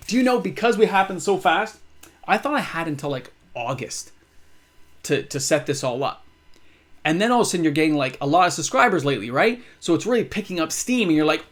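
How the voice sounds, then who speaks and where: A man's voice: on the high side, big pitch swings, a little fast. A man talking to his viewers in a casual, upbeat vlog style. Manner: upbeat, rattles off a long list of names. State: out of breath. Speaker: YouTuber. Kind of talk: casual vlog talk to camera.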